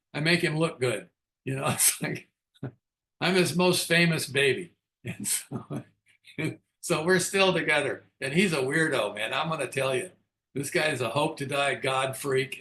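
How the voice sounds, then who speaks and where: Bright-voiced older man telling his story. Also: mid-range voice. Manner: frank, self-mocking, chuckles often. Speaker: speaker leading a recovery book study. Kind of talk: candid storytelling talk.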